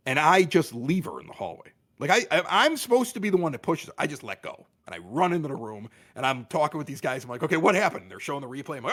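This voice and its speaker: Middle-aged man, podcast guest, lively storytelling, pitch that leaps around, slightly higher voice. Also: quick pace, few pauses. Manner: animated, exaggerated quoting of others. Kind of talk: casual storytelling.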